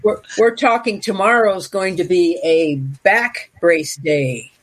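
A woman's voice: mid-range voice, takes it slowly. A woman co-hosting a podcast chat, rambling along with plenty of fillers.

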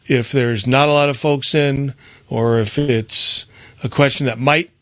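A man's voice: medium pitch, steady tone, a little slow, a bit bright, dry recording. A man co-hosting a call-in radio show, running through the station lineup in a loose, rambling way with many fillers. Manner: rambling, with frequent fillers and restarts. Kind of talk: casual radio announcement.

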